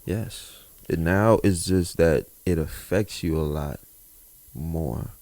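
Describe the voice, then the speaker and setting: Real deep voiced dude, chill slangy podcast talk, dry sound. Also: male voice, slow pace, a little mellow, no room sound. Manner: laid-back, knowing, drops slang. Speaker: podcast co-host. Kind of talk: casual chat.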